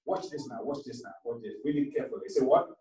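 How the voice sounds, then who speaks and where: A man's voice: medium pitch, expressive, fast talker, music in the background. A man preaching a sermon with passion, calling on the congregation to answer him back. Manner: impassioned, calls for congregation responses. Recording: echoey hall from far off.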